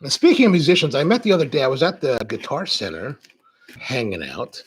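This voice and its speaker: A man's voice: mid-range voice, huge pitch swings, brisk, slight background noise, rough recording. A middle-aged man hosting a coffee channel, rambling casually through a live-stream chat while he unboxes a package. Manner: rambling, chatty storyteller.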